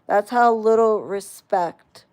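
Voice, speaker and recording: A woman's voice: medium pitch, slow, a little mellow, clear, resonant tone. A woman ranting on her video channel in a profane, combative, mocking way. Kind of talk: ranting vlog.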